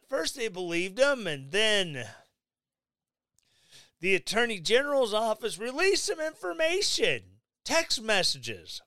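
A man giving sarcastic, mocking commentary on the news, with animated asides. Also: high voice, clear, resonant tone, no room sound. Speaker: commentary vlogger.

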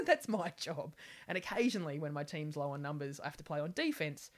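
A woman's voice: low-pitched, sing-song, quick pace. An Australian woman in her forties, a podcast guest telling brash comic stories, laughing and swearing freely. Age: 40s. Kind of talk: comedic storytelling in a podcast interview.

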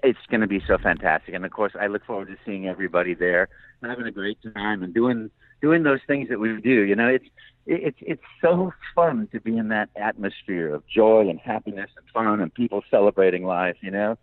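This older voice actor, appearing as an interview guest, talks with brisk energy in a lowish register, laughing frequently as he chats. The recording is dry, though the sound is thin and phone-like.

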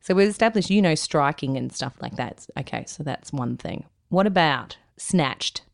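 A woman's voice: low-pitched, expressive, normal speed, gravelly, no room sound. Woman, podcast co-host, rambling and giggly, very dry mic. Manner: giggly, rambling, loses words mid-sentence. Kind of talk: casual chat.

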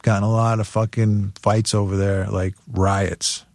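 A man's voice: lowish voice, little pitch movement, a little slow, a little mellow, no echo, studio quality. Profane, laughing male storyteller. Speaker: guest musician. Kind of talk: casual storytelling interview.

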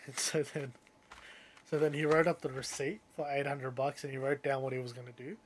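A young man telling a story in casual chat, animated and getting loud when he quotes other people. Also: mid-range voice, moderate pace, a little hiss or hum.

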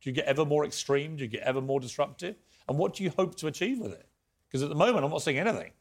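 A man's voice: fairly high pitch, lively intonation, racing. A man with an English accent hosting a current-affairs show, pressing a guest with pointed questions. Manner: pressing, interrupting. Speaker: host. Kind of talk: combative interview.

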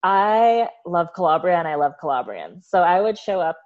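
Lively storytelling woman, muffled sound. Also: on the low side, moderate pace. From United States. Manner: animated storyteller, laughs often. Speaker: guest, olive oil producer. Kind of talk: casual interview storytelling.

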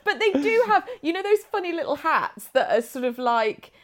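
A playful woman riffs in a casual chat, laughing often. Her voice sits fairly high and swings widely in pitch as she jokes. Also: big pitch swings. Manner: playful, quick to riff and laugh.

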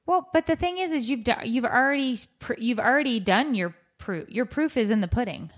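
A woman co-hosting a podcast, encouraging and teasing, quick to reassure her friend. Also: fairly high pitch, lively intonation. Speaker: podcast co-host. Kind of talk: casual chat.

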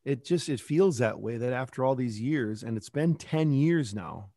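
A middle-aged man talks reflectively as an interview guest about his kids podcast. He rambles and restarts now and then, at an ordinary pitch. The sound is dry and close. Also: lively intonation, moderate pace, warm tone, no room sound. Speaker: kids podcast creator and teacher. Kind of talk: casual interview talk.

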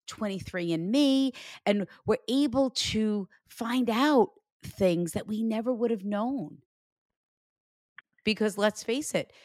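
A woman working as a psychic medium, chatting casually and acting out what she hears, with lively jumps in her voice. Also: dry recording, studio quality. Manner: animated, acts out quoted spirits with big pitch jumps and laughter. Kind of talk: casual reading with a caller.

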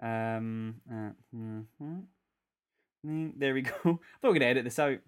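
A man's voice: mid-range voice, moderate pace, clean tone. A man co-hosting a casual film chat, rambling and correcting himself as he goes. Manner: rambling, self-correcting, chatty. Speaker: podcast co-host. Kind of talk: casual chat about films.

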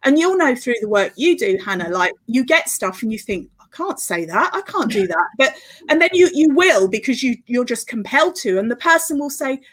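A middle-aged woman, a guest on a podcast interview, telling her story in a flowing, earnest way with quick laughs. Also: sits high, expressive, a bit bright. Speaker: guest, author and festival organiser.

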